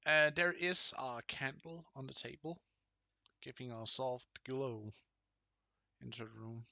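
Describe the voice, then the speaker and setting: A young man narrating as game master of a tabletop game, halting and full of fillers. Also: medium pitch, gravelly, pushed and bright, no room sound. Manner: halting, lots of fillers and restarts.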